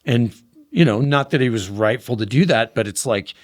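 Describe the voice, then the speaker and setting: Male voice, young adult, casual chat, mid pitch, animated storyteller, hushed at tense points. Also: moderate pace. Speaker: podcast guest. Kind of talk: casual conversation.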